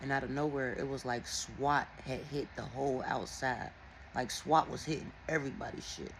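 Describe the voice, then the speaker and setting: A woman who reads tarot, telling viewers a dream in a casual, animated and heavily profane way. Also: a bass voice, normal speed, gravelly, a little hiss or hum, rough recording. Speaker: tarot and oracle reader.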